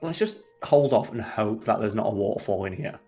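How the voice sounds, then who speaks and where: A man's voice: on the low side, lively intonation, fairly quick, dark tone, soft background music. Exasperated, swearing man ranting over a game. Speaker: let's play co-host. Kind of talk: casual gameplay commentary.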